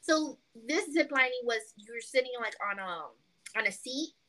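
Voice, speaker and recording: Bright-voiced young woman telling a story. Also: sits high, normal speed, low-quality recording. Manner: animated storytelling, acts out quotes, peppered with "like". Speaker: podcast co-host. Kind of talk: casual chat.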